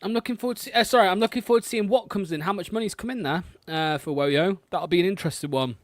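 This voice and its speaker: A man's voice: sits high, fast talker, no echo, clean studio sound. A man co-hosting a long live fan stream from home, blunt and casual in his banter. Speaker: fan podcast co-host.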